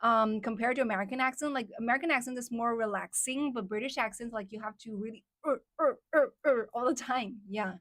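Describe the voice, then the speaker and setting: A woman whose first language is Chinese chats on a livestream in English, her voice sitting a little higher than most. She talks loosely and fills her sentences with "like" and "um". The sound is dry and close, with no room around it. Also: fast talker, few pauses, a bit bright, no echo. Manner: chatty, many fillers like "like" and "um". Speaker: livestream host. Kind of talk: casual livestream chat with viewers.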